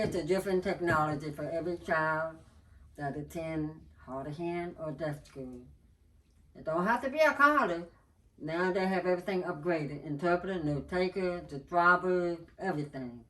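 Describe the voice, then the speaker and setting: A middle-aged hard-of-hearing woman talking carefully in a casual podcast chat, some consonants not clear. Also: fairly low pitch, fairly bright tone, far from the mic, poor audio.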